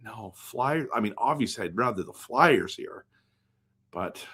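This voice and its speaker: A man's voice: fairly low pitch, expressive, unhurried, pushed and bright, husky. A man from western Canada hosting a casual hockey live stream, thinking aloud as he picks and answers viewer comments. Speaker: hockey livestream host.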